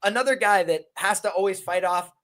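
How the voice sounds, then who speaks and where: A man on a podcast as a guest, telling a story in a loose, lively way. His voice is pitched high. He keeps the talk casual and chatty. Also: fairly quick.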